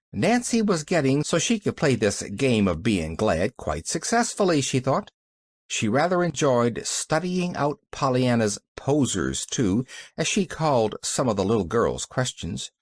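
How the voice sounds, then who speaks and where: Male audiobook narrator, expressive, lively pitch, dry close-miked sound. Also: a little slow, dry recording. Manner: expressive storytelling.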